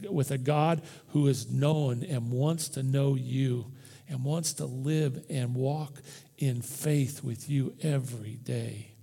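A man preaching an Easter sermon as pastor, conversational and impassioned, swinging from loud bursts to hushed near-whispers. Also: mid-range voice, gravelly, breathy edge, big-room sound. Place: church.

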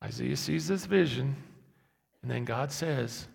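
A man preaching a sermon as pastor, moving from quiet talk to loud, emphatic repetition. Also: medium pitch, very animated, moderate pace, vocal fry, slightly rough. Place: church hall. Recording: echoey hall, long reverb.

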